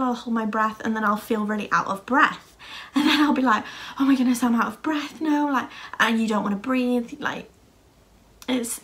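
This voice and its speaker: A woman's voice: on the high side, a bit bright. A woman vlogger talking casually to camera in a rambling, chatty way, full of fillers and restarts.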